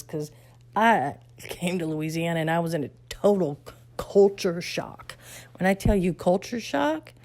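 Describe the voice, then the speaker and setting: A woman's voice: low-pitched, darkish tone. A woman from Texas, chatting animatedly as she tells her life story, laughing now and then. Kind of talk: casual storytelling vlog.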